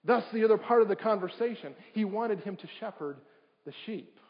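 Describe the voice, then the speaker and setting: A man's voice: sits high, expressive, fairly quick. A man preaching a sermon as a pastor, often putting questions to his congregation. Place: church sanctuary. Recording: dull livestream audio in a reverberant church.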